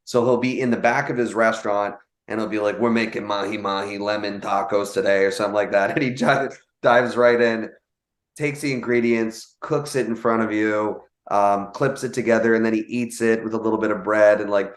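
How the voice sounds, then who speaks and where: A young man telling a casual story, animated, with many fillers and quoted voices. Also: fairly low pitch, moderate pace, roomy sound. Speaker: guest telling a sales story.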